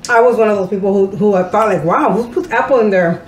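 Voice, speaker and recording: A woman hosting a casual cooking vlog at home, chatty and quick to laugh, slipping into Spanish now and then. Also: mid-range voice, roomy sound, noisy background. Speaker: vlog host.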